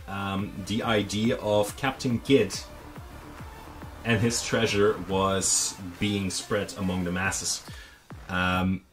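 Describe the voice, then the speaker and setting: A man hosting a hobby channel, explaining in a relaxed, casual monologue with frequent ums and restarts. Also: fairly low pitch. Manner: relaxed, conversational. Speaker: miniature painting channel host.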